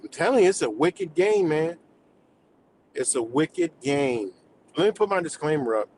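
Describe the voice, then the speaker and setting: A man goes off in a fired-up, profane rant on his own livestream. He talks in loose streetwise slang and keeps his voice a touch high. A faint low rumble sits under the recording. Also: very animated, normal speed, darkish tone, low-quality recording. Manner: heated, swearing, streetwise slang, laughs between points. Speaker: livestream host.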